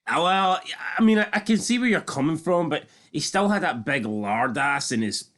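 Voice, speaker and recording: A man's voice: fairly high pitch, animated, normal speed, a bit bright. A man co-hosting a podcast, chatting casually and jokingly about a TV show and swearing freely. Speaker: podcast co-host. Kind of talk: casual TV recap chat.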